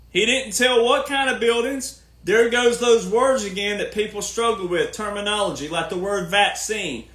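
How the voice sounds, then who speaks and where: A man's voice: sits high, moderate pace, few pauses, a bit bright, echoey room. A man hosting a podcast, ranting casually in an emphatic, sarcastic, lecturing way. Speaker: podcast host.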